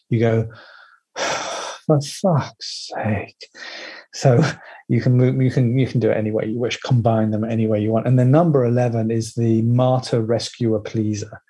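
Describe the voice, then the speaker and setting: A man teaching an online workshop in a playful, animated way, slipping into the voices of people's inner critics. His voice is dark and mellow, with a husky edge. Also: mid-range voice.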